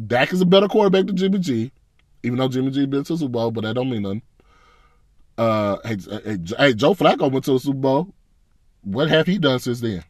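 A man's voice: medium pitch, fairly bright tone, no echo, clean studio sound. A man ranting as a fan, blunt and profane, in a casual, frustrated reaction. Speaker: sports fan commentator.

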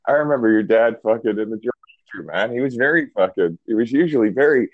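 A man's voice: mid-range voice, expressive, quick pace, no room sound, narrow, tinny audio. A man co-hosting a podcast in casual chat, laid-back and profane. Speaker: podcast co-host.

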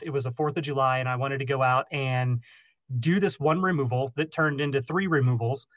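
A man, a beekeeper and podcast host, telling stories in a casual interview, animated and self-deprecating, acting out the people he quotes. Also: mid-range voice, no room sound. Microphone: remote call recording.

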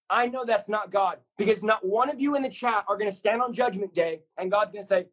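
A man's voice: high voice, fairly quick, few pauses, a bit bright, breathy edge, rough recording. A man speaking as a guest on a podcast, preaching with intensity in short, repeated punchy lines. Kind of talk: fervent preaching in a podcast conversation.

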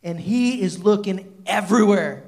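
A man preaching a sermon, retelling a Bible story in animated, casual storytelling with lots of "like". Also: high-pitched, normal speed. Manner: animated storytelling, many fillers like "like". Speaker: pastor.

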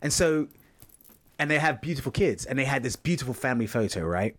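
A man with an English accent, a podcast guest chatting casually and telling animated stories. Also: medium pitch. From England. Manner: animated storytelling, quick and expressive. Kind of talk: casual chat.

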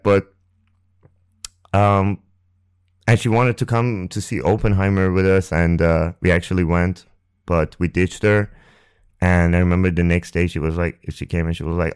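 A man's voice: sits low, level tone, normal speed, clean tone, no echo, clean studio sound. Rambling, profane man telling a story. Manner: rambling and profane, full of fillers. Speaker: podcast host. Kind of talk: casual storytelling. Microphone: close ASMR mic.

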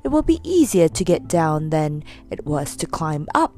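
A practical young girl from a children's storybook, brisk and encouraging, as a woman reads her. Her voice moves with lively ups and downs. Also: low voice, voice pushed down. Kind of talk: storybook reading.

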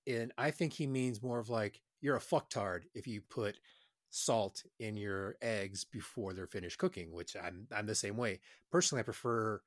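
A man's voice: fairly low pitch, normal speed, dry recording. Rambling, profane man, dry and close. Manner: rambling, profane, with frequent fillers and trailing off. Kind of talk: crude casual chat.

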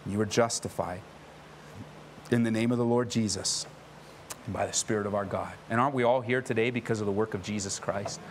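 A man's voice: on the low side, fairly even intonation, fairly quick, a little hiss or hum. A man preaching a sermon as a pastor, impassioned and emphatic, repeating phrases for emphasis. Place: church.

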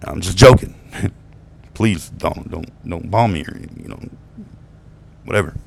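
A man's voice: low-pitched, measured pace, creaky, a little hiss or hum. A man talking straight to the camera in a rambling, profane monologue, swearing often and laughing at his own jokes. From United States. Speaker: vlogger venting about exes.

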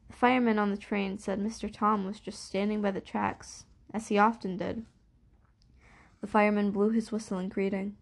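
A woman reading a novel aloud as narrator, in a measured, steady storytelling voice. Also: medium pitch, vocal fry. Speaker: audiobook reader. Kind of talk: scripted narration.

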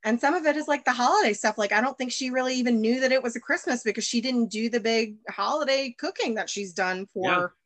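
A woman's voice: fairly high pitch, a little fast, few pauses, fairly bright tone, no room sound. A woman in her thirties from the United States, a baker and chef, talking as a guest in a casual interview and rambling with many fillers and restarts.

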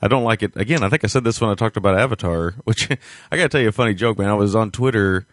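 A man's voice: on the low side, fast, dry recording, clean studio sound. A man co-hosting a film podcast, talking casually with many hesitations and frequent laughs. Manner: rambling, hesitant, laughs often. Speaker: podcast co-host. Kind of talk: casual chat.

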